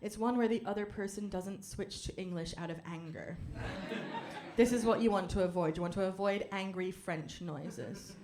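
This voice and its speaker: On a club stage, a young woman performs stand-up into a handheld mic, doing crowd work at a normal pace. Her delivery is dry and deadpan, but every so often she launches into loud, high-pitched mock-French theatrics.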